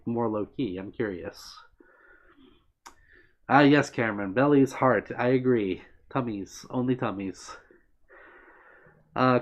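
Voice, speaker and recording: This man hosts a livestream, chatting casually in a friendly, meandering manner and greeting viewers by name as he reads their comments. His voice is medium-pitched, with the highs cut off.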